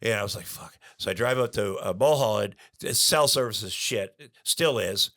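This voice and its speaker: A man's voice: lowish voice, fairly quick, fairly bright tone. Rambling middle-aged man telling stories. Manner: rambling, many fillers and restarts, acts out quotes. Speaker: guest. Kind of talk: candid storytelling interview.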